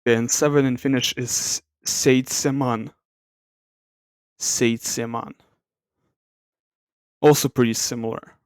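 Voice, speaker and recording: A man hosting an ASMR language comparison, speaking softly, thinking aloud and correcting himself as he goes. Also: mid-range voice, fairly even intonation, slow pace, pauses often, clean tone, no echo, clean studio sound. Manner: soft-spoken, reluctant to talk aloud. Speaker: language video host.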